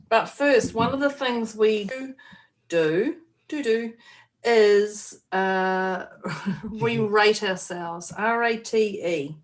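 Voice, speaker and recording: A woman co-hosting a podcast in casual chat, playful and laughing often, with a snorting laugh. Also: medium pitch. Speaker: podcast co-host.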